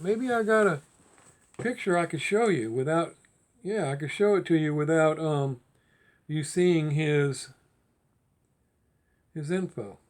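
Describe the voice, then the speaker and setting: A man talking casually to camera in a collector's vlog, rambling with restarts and getting heated as he goes. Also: sits high. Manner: rambling, repeats and restarts, gets heated and fired up. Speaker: diecast collector vlogger.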